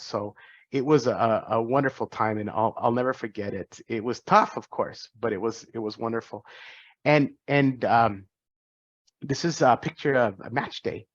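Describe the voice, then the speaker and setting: A man in his forties speaks earnestly to students, reflecting on his path and often restarting a phrase. His voice sits at an ordinary pitch. The recording is dry and a little dull. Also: unhurried, no echo. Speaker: physician and guest speaker. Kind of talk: personal talk to students.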